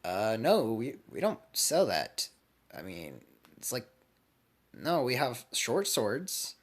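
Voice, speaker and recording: A man's voice: mid-range voice, huge pitch swings, takes it slowly, full character voice. A man voicing a huffy young female blacksmith who runs a shop, sounding indignant and flustered.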